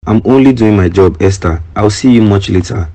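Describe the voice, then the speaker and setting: A man with a Nigerian accent playing a calm, serious doctor who talks in a measured, reassuring way. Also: lowish voice, lightly acted. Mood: grave.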